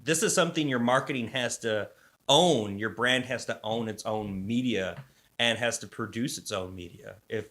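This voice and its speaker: A man's voice: mid-range voice, moderate pace, a bit bright. A man co-hosting a podcast, talking casually in rambling, restarting sentences and swearing loosely. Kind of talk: casual conversation.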